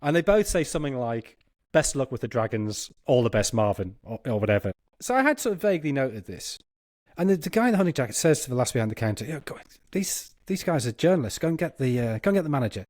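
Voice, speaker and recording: A man's voice: medium pitch, fast talker, no echo, clean studio sound. A man on a football podcast, telling a long funny anecdote and laughing as he goes. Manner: animated, laughing as he tells a story. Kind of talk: anecdotal storytelling.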